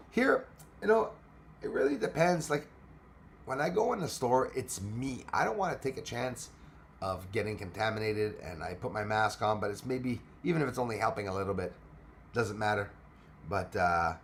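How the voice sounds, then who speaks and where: A man with a Quebec French accent hosting a casual livestream, chatting with viewers, switching between English and French and swearing freely. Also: mid-range voice. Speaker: space channel livestream host.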